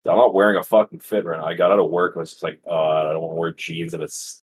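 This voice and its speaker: A man's voice: low voice, fairly even intonation, rapid-fire, breathy edge. A young man co-hosting a podcast, chatting casually, rambling and swearing with frequent laughter. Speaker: podcast co-host. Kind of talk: casual chat.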